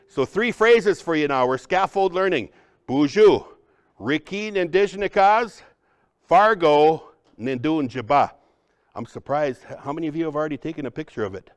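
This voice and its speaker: Lively man teaching a workshop. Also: fairly high pitch, normal speed. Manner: animated storyteller, swings from hushed to loud, tag questions "hey?". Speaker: Ojibwe language teacher and presenter. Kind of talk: workshop presentation to an audience. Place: conference room.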